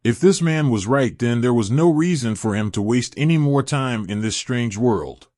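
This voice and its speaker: A man reading fan fiction aloud in steady scripted narration. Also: mid-range voice, moderate pace, no room sound, clean studio sound.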